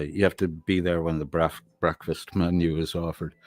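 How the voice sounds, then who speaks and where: A man's voice: deep voice, normal speed, few pauses, no room sound. A man live-streaming, reading chat comments aloud and answering them in a rambling, profane, casual way. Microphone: laptop microphone.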